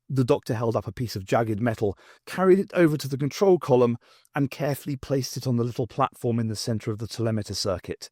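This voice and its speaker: A man reading an unabridged novel aloud in a measured, expressive storytelling manner. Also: medium pitch, no echo, studio quality. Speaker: audiobook reader.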